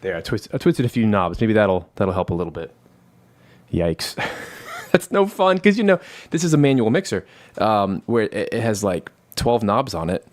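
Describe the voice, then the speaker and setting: A man hosts a casual live stream from his home studio while fighting a cold. His voice sits a little low, and he talks in a rambling, self-deprecating way. The vocal mic gives a dry, close sound with no room echo. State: has a cold. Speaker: live stream host and composer. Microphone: studio vocal mic through a manual analog mixer.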